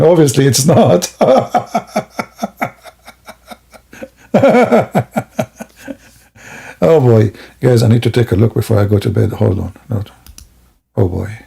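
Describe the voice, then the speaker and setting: Gravelly, husky man mocking on a livestream. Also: mid-range voice, mellow. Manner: mocking, laughing, theatrical asides. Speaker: streamer. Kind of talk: sarcastic livestream monologue.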